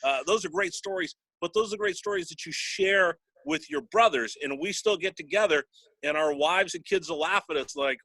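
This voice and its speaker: A man's voice: sits high, very animated, moderate pace, creaky, sharp tone, slightly rough, no room sound, rough recording. A man, a sports broadcaster, telling personal stories in an interview and getting choked up at times. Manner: emotional, gets choked up. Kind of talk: storytelling interview.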